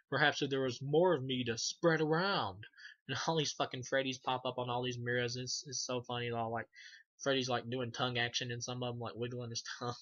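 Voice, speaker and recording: A man's voice: medium pitch, bright, forceful tone, dull audio. A man giving a casual, rambling spoken review of a horror film, swearing often and filling gaps with "like" and "um". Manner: rambling, profane, many fillers. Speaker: movie reviewer.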